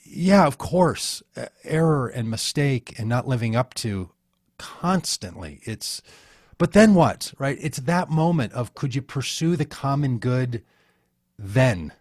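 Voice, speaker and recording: A man's voice: mid-range voice, animated, takes it slowly, darkish tone, no room sound, clean studio sound. A man talking earnestly in an interview, rambling and telling stories with many restarts. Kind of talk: conversational interview.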